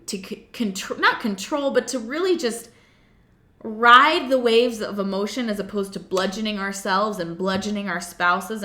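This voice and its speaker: Woman coach, animated and playful, bright voice, slightly high, roomy echo. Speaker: self-love coach. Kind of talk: motivational talk to camera.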